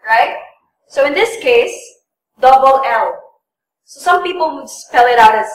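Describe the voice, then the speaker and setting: A woman's voice: high voice, moderate pace, a little hiss or hum. A woman tutor giving a classroom lesson, patiently repeating and stressing words for learners. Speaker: English test tutor. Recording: echoey room, voice from a distance.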